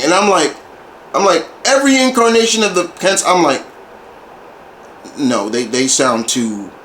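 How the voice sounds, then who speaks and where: A man with a high, fairly bright voice delivers a casual video movie review like an eager fan, often repeating and restarting his phrases. The recording has a roomy echo and a faint hiss in the background.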